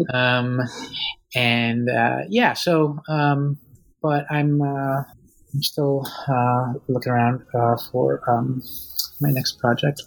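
A man's voice: mid-range voice, rough recording. A man in his thirties, an author being interviewed, talking casually and hesitantly with many ums and restarts. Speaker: author guest.

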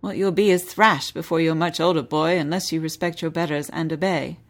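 A woman voicing a stiff, gruff male lieutenant who growls his threats. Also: low voice, fairly even intonation, a little fast.

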